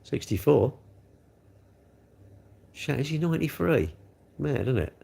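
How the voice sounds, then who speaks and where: Man in his sixties, gravelly and animated, hosts a live stream and banters with the chat. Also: a little high, unhurried. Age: 60s. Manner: chatty, jokey, answering viewers' comments. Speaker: livestream host reading chat.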